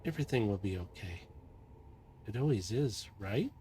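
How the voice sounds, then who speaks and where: A man voicing a calm, curious small female caracal-like creature in a tabletop game, speaking softly and reassuringly. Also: lowish voice, normal speed, slight background noise, lightly acted.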